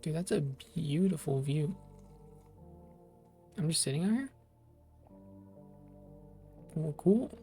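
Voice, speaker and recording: A gameplay streamer giving casual commentary, reacting out loud and swearing as they play. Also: medium pitch, expressive, slow pace, pauses often. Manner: swears casually and reacts out loud, reads the game text aloud. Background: faint game music.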